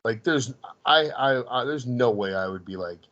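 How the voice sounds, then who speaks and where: A man's voice: mid-range voice, expressive, normal speed, a bit bright, lo-fi sound. A man co-hosting a podcast, chatting casually about a comedy film, rambling with frequent restarts. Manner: rambling with frequent restarts, laughs while recounting. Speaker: podcast co-host. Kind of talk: casual movie discussion.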